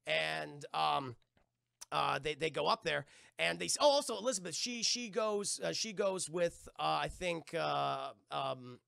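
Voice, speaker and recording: A man streamer giving an excitable, profane casual movie recap, acting out scenes as he goes. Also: fairly high pitch, a little slow, creaky, no room sound, clean studio sound.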